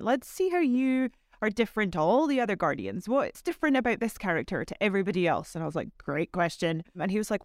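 A woman guest talks freely in a casual interview, laughing easily and peppering her answers with fillers. Her voice sits at a middle pitch. The sound is dry and close. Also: expressive, fast talker, hardly any pauses, no room sound. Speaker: actor guest.

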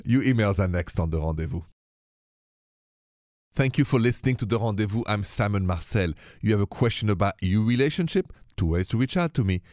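A man hosting a radio relationship advice show in a playful, animated way. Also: fairly low pitch, a little fast, dry recording, studio quality. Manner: animated, playful, mixes in French greetings.

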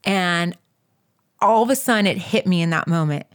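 A woman telling a personal story in a casual, animated way, talking straight to her listeners and skipping details with quick filler. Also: fairly low pitch, clean tone. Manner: animated, addresses listeners as "you guys"; fills gaps with "da, da, da".

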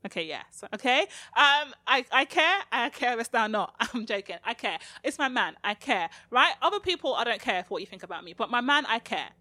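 Bright-voiced woman chatting frankly on a podcast. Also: fairly high pitch, normal speed, few pauses, no echo. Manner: animated, laughing, slangy and frank. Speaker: podcast co-host. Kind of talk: candid casual podcast chat.

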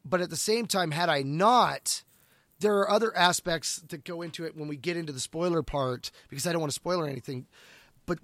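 With a fairly high, fairly bright voice and a fairly quick pace, this middle-aged podcast co-host chats informally about books. He often starts his sentences over, and the recording has no echo.

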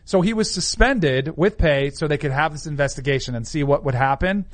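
A man with a fairly high voice hosts a sports talk show. He lays out each story in a steady, explanatory way before handing off for opinions. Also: brisk. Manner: steady, explanatory, sets up topics. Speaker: podcast host.

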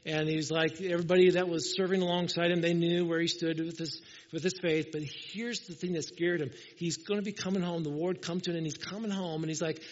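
A man's voice: a little high, steady tone, fairly quick, few pauses. A man preaching a sermon as pastor, conversational and storytelling, acting out quoted people. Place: church. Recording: dull sound, long hall reverb.

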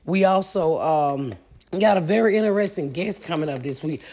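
A woman's voice: low-pitched, lively intonation, normal speed, dark tone. A woman in her forties with a Midwestern US accent, hosting a podcast in a brash, profane, comic solo monologue. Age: 40s. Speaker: podcast host.

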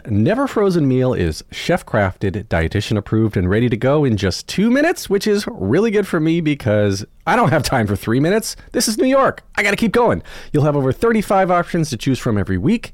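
A man's voice: mid-range voice, no room sound. A man hosting a podcast, asking questions casually and reading an ad with playful asides. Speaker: podcast host. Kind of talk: casual interview and host-read ad.

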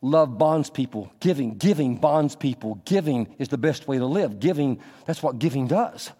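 A man preaching a sermon as pastor, animated, acting out little scenes in a raised voice. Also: medium pitch, moderate pace, in a large hall.

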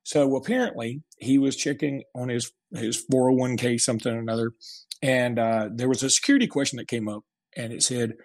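A man's voice: medium pitch, brisk, a little mellow. A man in his forties, a show host telling a funny story in casual chat and laughing through his punchlines. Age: 40s.

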